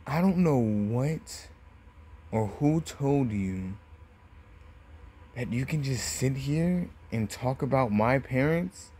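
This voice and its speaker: A man voicing an arrogant, menacing young male ninja in a casually told fan story, with slow, taunting, drawn-out threats. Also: lowish voice, husky.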